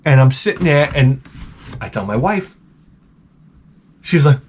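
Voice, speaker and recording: A man telling a story in a casual vlog rant, animated and profane with many restarts. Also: medium pitch, moderate pace, long pauses. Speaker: vlogger.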